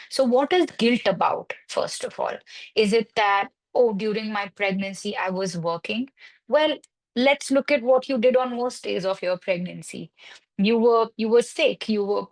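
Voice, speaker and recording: A woman's voice: mid-range voice, normal speed, gravelly, poor audio. A woman counseling psychologist in a webinar discussion, reassuring and explaining with everyday examples. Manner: reassuring, explains with examples and quoted parent worries.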